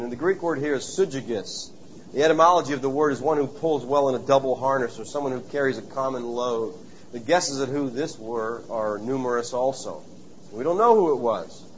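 A man preaching a sermon, telling stories and acting out voices with lively animation. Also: mid-range voice, dull audio, slight background noise. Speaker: pastor.

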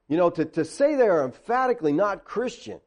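A man preaching in a conversational teaching style, animated, tossing sarcastic asides and questions to his listeners. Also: high-pitched, a little fast.

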